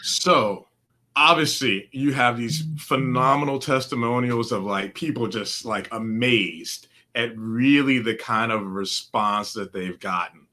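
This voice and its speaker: A man's voice: mid-range voice, sharp tone. A man, a physician hosting an interview, who jokes easily and sets up his questions at length. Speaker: physician host. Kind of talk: casual interview.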